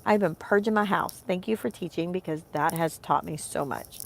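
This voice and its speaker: A woman's voice: fairly low pitch, normal speed, creaky, slight background noise. A woman in her thirties, a homeschooling mom vlogging, talking in a rambling, heartfelt way with many fillers. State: emotional, close to tears. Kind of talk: casual chat to camera.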